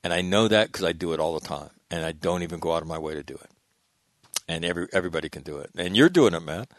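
A middle-aged Marine veteran with a deep voice appears as a guest in a candid storytelling interview, recorded dry and at studio quality. He talks fast, telling his stories in an emphatic, blunt and profane manner.

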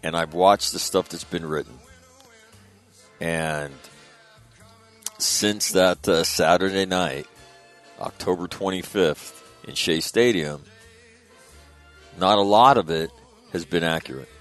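Middle-aged male guest with a deep, low register; chatty, meandering anecdotes, lots of "uh" and restarts. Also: slow pace, pauses often, fairly bright tone, faint music behind. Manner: rambling, conversational, frequent fillers and restarts. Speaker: guest recalling his father. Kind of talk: casual spoken storytelling.

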